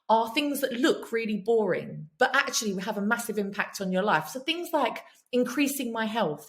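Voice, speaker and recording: A woman guesting on a podcast, telling personal stories in a candid, emphatic way and swearing freely. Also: fairly high pitch. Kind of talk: candid storytelling chat.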